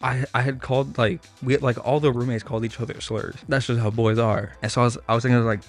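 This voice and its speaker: A man's voice: medium pitch, flat delivery, fast, soft background music. A young man telling a long, profane story to his chat. He rambles and piles up filler words, and he laughs at his own story.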